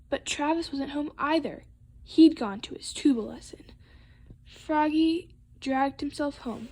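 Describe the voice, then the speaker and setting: Slow, high-voiced woman reading storytime. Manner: expressive, savoring sound words. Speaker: storytime reader. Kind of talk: reading a picture book aloud to children.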